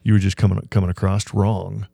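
A man hosting an interview, reflecting on his guest's story in a halting way with frequent restarts. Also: low-pitched, little pitch movement, gravelly, warm tone, dry recording. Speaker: host.

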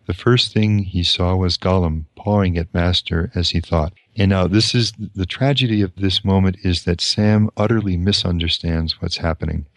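A man with a very deep voice reads a novel aloud and reflects on it in a slow, measured way, pausing often. The sound is dry and close, with no room in it. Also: dry recording. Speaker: priest.

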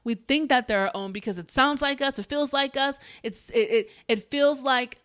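Earnest, higher-voiced woman exhorting listeners. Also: a bit bright, smooth, dry recording, studio quality. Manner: earnest, exhorting, repeats phrases for emphasis; conversational with fillers and quick asides. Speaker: podcast host. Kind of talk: faith-based encouragement monologue.

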